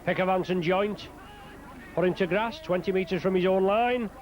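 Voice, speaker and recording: Calling a rugby league match live outdoors, a man rattles off player names in quick bursts and raises his voice whenever someone scores. His voice sits high, and there's a little hiss or hum in the recording.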